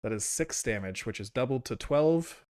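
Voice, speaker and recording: A man narrating as game master of a tabletop role-playing game, relaxed, with many fillers and frequent laughs. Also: medium pitch, moderate pace, noisy background.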